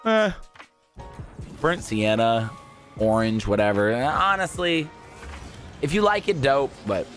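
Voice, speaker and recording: A young man in casual gaming commentary, rambling excitedly and sometimes breaking into shouts. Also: mid-range voice, normal speed, faint music behind. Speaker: gaming YouTuber. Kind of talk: casual crate-opening commentary.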